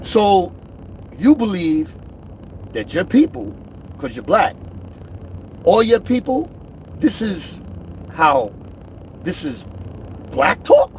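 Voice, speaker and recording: Middle-aged male vlogger, emphatic and lively, repeats his points. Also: high voice, takes it slowly, pauses often, slight background noise. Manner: emphatic, repeats himself, swings between loud and quiet. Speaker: truck driver vlogger. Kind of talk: direct-to-camera rant.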